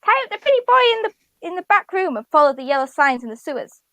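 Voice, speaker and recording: A woman's voice: high voice, big pitch swings, fast, a bit bright, no echo, voice pushed up. A woman voicing a terrified little bird-like kenku that can only talk by mimicking, in a thin, nasally voice. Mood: frantic.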